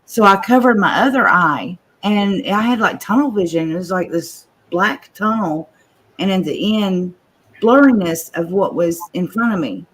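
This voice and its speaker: A woman's voice: medium pitch, lively intonation, normal speed, slight background noise. Chatty woman host, livestream chat, a slight stutter.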